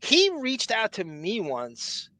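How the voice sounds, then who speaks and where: Man, podcast host, bright tense voice, dry close mic, rambling casual chat. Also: high voice, slow pace, dry recording, poor audio. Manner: rambling, laughs loudly, animated storytelling.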